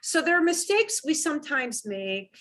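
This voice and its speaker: A woman's voice: high-pitched, big pitch swings, normal speed, a bit bright. A woman teaching a beginners' Spanish class, explaining pronunciation patiently and repeating words for students to echo.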